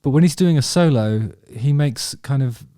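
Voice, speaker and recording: A man's voice: mid-range voice, animated, normal speed, dark tone, no echo, studio quality. A man chatting casually about favourite songs, rambling and enthusiastic, with many ums and restarts. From England. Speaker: vlog host talking about music.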